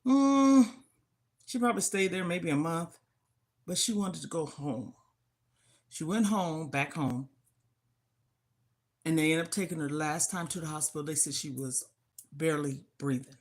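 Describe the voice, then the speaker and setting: A woman's voice: low voice, moderate pace, pauses often. An older woman hosting a livestream, telling an emotional personal story of loss in a heartfelt, grieving way that sometimes turns indignant. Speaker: livestream host.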